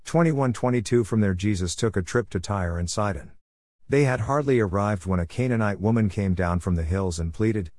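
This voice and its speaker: A man reading Bible passages aloud in a steady scripted way, calling out the verse numbers as he goes. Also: fairly low pitch, normal speed, dry recording. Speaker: Bible reader.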